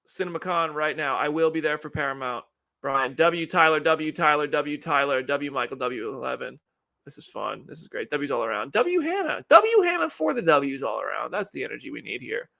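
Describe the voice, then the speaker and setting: Male live-stream host, chatty, gravelly, bright tone; reads chat and news. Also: on the high side, lively intonation, normal speed. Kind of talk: casual live commentary.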